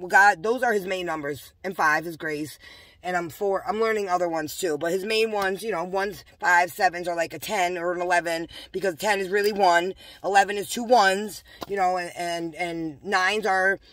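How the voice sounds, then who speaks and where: A woman's voice: lowish voice, moderate pace, dry recording. Rambling fervent woman, dry sound. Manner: rambling and fervent, swinging between hushed asides and loud outbursts; talks straight to viewers, addressing them as y'all. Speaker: vlogger. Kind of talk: rambling personal monologue.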